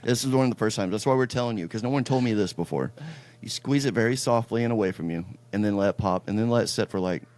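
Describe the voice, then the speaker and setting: A man hosting a casual chat podcast, his voice sitting on the low side. He talks in a relaxed, storytelling way and drops the odd curse. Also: fast talker. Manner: laid-back storytelling, swears casually. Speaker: podcast host.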